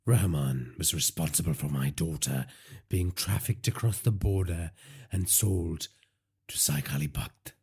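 A cold, vengeful vigilante who speaks in a very low, husky voice and terse, emotionless lines, as a male narrator voices him. He sounds commanding and unhurried throughout this crime audiobook. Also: darkish tone, exaggerated voice. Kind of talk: audiobook character voice.

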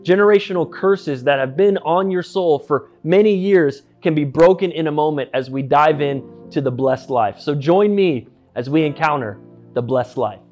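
A man's voice: a little high, moderate pace, darkish tone, soft background music. A man speaking an urgent, inviting promotional intro as a pastor.

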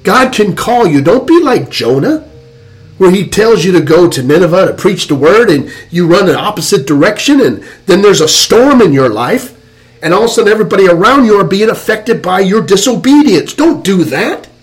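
A man preaching a fervent sermon with dramatic pauses. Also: high-pitched, sing-song, soft background music.

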